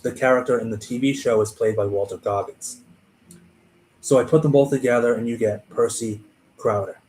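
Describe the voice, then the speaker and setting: A man's voice: mid-range voice, steady tone, moderate pace, darkish tone, slight background noise, rough recording. A man, an author, casually talking through the characters of his book on a livestream, chatty and restarting his sentences. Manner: chatty, self-interrupting, with small restarts. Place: home livestream setup.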